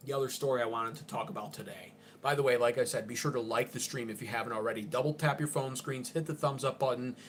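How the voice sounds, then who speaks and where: A man's voice: mid-range voice, fairly bright tone, slight background noise. A man under forty, hosting an unscripted political livestream in an abrasive, profane, ranting way.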